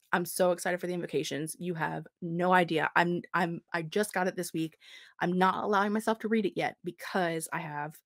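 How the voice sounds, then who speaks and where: A woman's voice: on the low side, no room sound. Chatty, profane woman book vlogger, dry sound. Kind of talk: casual book recommendations to camera.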